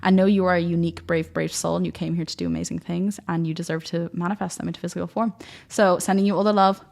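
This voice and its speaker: A woman's voice: on the low side, steady tone, quick pace, gravelly, darkish tone. A young woman coaching on manifestation in an effusive, gushing way, slightly out of breath with her voice tiring, dropping "like" often. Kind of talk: enthusiastic spiritual pep talk.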